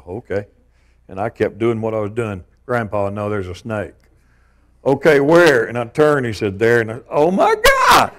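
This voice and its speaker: An older man preaching a sermon, telling stories with animated, self-mocking humor. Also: mid-range voice. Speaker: pastor.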